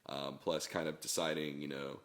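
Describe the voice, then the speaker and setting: A man with a voice pitched extremely low and worn hoarse from a lost voice. He talks as a relaxed interview guest, laying out his points in long casual runs and checking in with "right?" along the way. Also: normal speed. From Texas. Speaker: guest musician, band singer.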